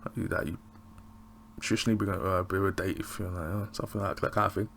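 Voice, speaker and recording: A man giving a casual, rambling recap of a TV episode, excitable and often laughing. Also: low-pitched, fast, vocal fry, slight background noise. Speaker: TV show reviewer.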